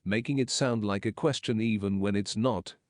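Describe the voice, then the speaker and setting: A man with a lowish voice reads an English lesson at a slow, measured pace. He explains each point plainly. The sound is dry and close to the mic. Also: no room sound. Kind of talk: slow paraphrased lesson narration.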